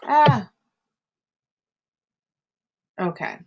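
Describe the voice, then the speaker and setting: A woman's voice: on the high side, lively intonation, measured pace, breathy edge, lo-fi sound. A woman art teacher teaching an online class from home over a computer mic, explaining step by step with chatty asides. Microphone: computer mic on a video call.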